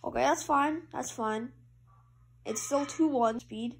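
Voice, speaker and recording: A woman commentating her own hockey video game match, calling plays and cheering loudly at goals. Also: slow, slight background noise. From Canada. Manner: excitable play-by-play, jumps to loud high cheers at goals. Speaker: gamer.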